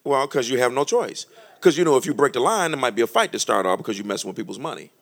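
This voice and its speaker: A man preaching a sermon as pastor, joking between slow, emphatic scripture readings. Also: medium pitch, creaky. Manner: lively, humorous preaching, reads scripture slowly and loudly.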